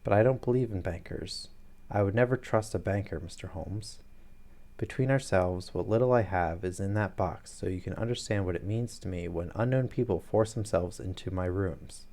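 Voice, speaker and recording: A man's voice: sits low, normal speed, dark tone. A man voicing a fat, nervous, frightened middle-aged man who pleads anxiously.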